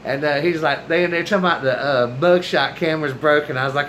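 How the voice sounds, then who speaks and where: A man's voice: on the high side, quick pace, hardly any pauses, fairly bright tone, slight background noise, rough recording. A man in his forties telling a personal story in a casual, slangy way and acting out the dialogue of the people in it. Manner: slangy, colloquial talk; acts out quoted dialogue.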